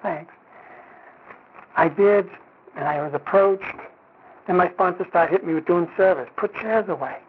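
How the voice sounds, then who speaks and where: Husky high-voiced man on a tinny line. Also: moderate pace, pauses often. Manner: conversational, often says "you know", acts out quoted dialogue. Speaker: speaker sharing at a recovery meeting. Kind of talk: personal testimony. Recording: tinny phone-line sound.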